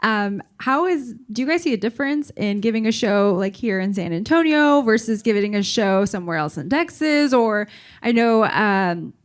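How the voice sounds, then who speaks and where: A woman's voice: mid-range voice, animated, moderate pace. A woman moderating a panel, asking questions in a friendly, conversational way.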